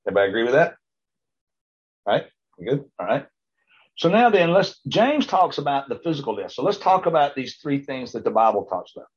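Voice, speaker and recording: A man's voice: medium pitch, big pitch swings, a little fast, husky. A man teaching an informal Bible class, rambling with frequent stammered restarts and checking in with his listeners. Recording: dull lo-fi recording.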